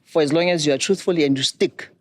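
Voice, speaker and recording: A middle-aged woman, a banking expert giving measured, instructive advice. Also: low-pitched, darkish tone. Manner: measured, instructive, poses questions to listeners. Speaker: banking and microfinance expert guest. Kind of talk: explanatory advice talk.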